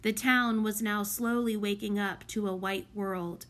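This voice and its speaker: A woman reading a children's novel aloud as an audiobook narrator, in an unhurried, clear storybook manner. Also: medium pitch, steady tone, fairly bright tone. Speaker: audiobook reader. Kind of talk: scripted narration.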